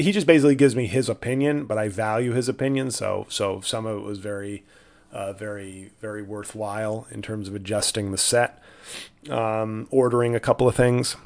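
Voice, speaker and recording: A man's voice: fairly low pitch, fairly even intonation, normal speed, vocal fry, a little mellow. A man hosting a solo podcast who tells rambling, self-deprecating stories full of asides and restarts. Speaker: comedian podcast host.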